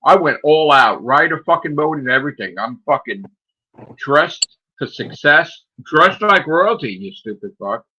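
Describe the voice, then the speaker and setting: A man's voice: a little high, lively intonation, unhurried, dull audio, background noise. A man, ranting profanely and mocking on a casual stream chat as host. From United States. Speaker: channel host.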